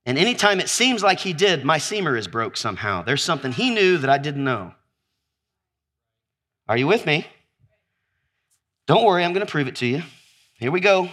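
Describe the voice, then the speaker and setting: A man delivers an animated sermon in a high, bright voice that swoops up and down. He calls out to his listeners for answers and whoops with delight while acting out scenes. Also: normal speed, long pauses. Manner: exuberant, acts out scenes with whoops and laughter. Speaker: preacher. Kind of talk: animated sermon with audience call-and-response.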